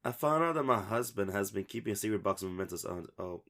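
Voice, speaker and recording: Man podcast co-host, low voice, casual chat and story reading, laughs easily. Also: lively intonation, fast talker, fairly bright tone. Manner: laughs often, swears casually.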